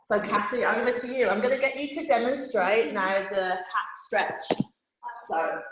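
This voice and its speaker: A woman's voice: fairly high pitch, moderate pace, fairly bright tone, slight background noise. A woman leading a live children's yoga class, giving playful, encouraging step-by-step cues. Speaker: kids yoga teacher. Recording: very echoey room.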